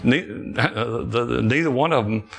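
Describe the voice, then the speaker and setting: A man's voice: medium pitch, a little slow, gravelly, faint music behind. A middle-aged man preaching a fervent sermon, repeating phrases and restarting as he declares healing. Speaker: pastor.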